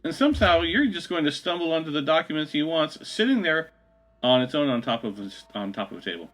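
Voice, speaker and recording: A man's voice: on the high side, animated, quick pace, fairly bright tone, rough recording. A man co-hosting a game let's play, chatting casually and joking with his partner. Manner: joking, laughs often. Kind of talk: casual gaming chat.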